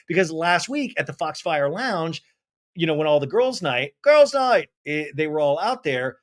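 A tipsy male podcast host giving a casual, animated, rambling TV recap. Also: on the high side, normal speed.

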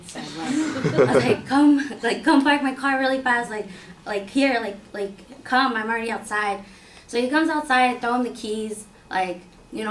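A young woman telling a personal story in a casual, filler-heavy, animated way. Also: mid-range voice, slight background noise. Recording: roomy sound from a distant mic.

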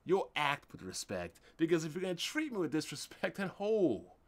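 A man hosting a podcast, delivering a confrontational, indignant monologue with emphatic swings in loudness. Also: on the high side, wildly swooping pitch, normal speed. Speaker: podcast host. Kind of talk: ranting monologue.

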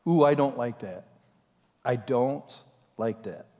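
A man preaching a sermon as pastor, in an animated and dramatic way, in a church sanctuary. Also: mid-range voice, slow. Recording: long reverb in a church hall.

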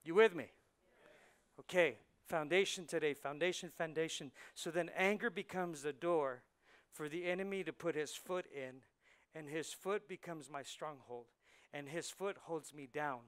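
Animated preaching man, clear voice. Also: fairly high pitch, moderate pace. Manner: swings from hushed intensity to loud preaching; drops Spanish words into English. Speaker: pastor. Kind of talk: sermon. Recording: church sermon on a live mic.

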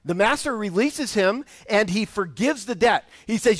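A man delivers a sermon in a loose, conversational way, stumbling over restarts and slipping into voices for the people in a story. His voice sits a little higher than most men's, and the sound is dry and close, with no room echo. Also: expressive, normal speed, few pauses. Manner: conversational preaching, acts out parable voices, many restarts. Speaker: guest preacher. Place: church sanctuary.

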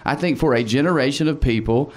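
A man's voice: medium pitch, fast. A man with an Appalachian accent, a comedian guest talking in a blunt, wry, profane way in a casual interview. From East Tennessee.

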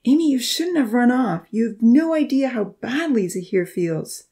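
A woman's voice: high voice, big pitch swings, a little slow, gravelly, warm tone, pitched above the performer's own voice, full character voice. A woman voicing an anxious, caring young male friend in a storybook, pleading and raised. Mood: chiding.

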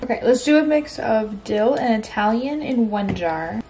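Chatty high-voiced young woman crafting. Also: expressive, moderate pace, slight background noise. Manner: chatty, talks to herself while working, drops to soft asides. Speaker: crafting vlogger. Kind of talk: casual crafting vlog narration.

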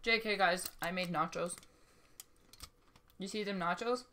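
A woman streaming a game, chatting casually, swearing freely and breaking into sudden excited outbursts. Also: on the low side, unhurried, slight background noise. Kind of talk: casual live-stream gameplay chat.

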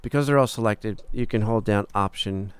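A man teaching a recording workflow in a screen-recorded tutorial, relaxed and casual, talking through each step with filler words and the odd "boom". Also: normal speed, smooth, no room sound. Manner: relaxed, talks through steps as he clicks, frequent "uh" and "boom". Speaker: recording engineer teaching software.

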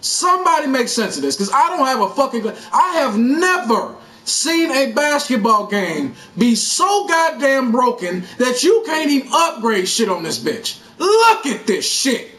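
A man hosting a gaming channel, ranting about a video game in an angry, sarcastic and profane way, shouting in bursts of outrage. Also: very high-pitched, very animated, normal speed, hardly any pauses. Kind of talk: angry gameplay rant.

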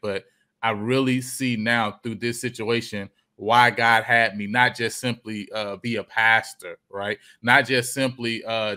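A man hosts a faith-based podcast. His voice is bright and sharp, and his questions are long, encouraging and winding. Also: medium pitch. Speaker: podcast host. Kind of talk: interview questions.

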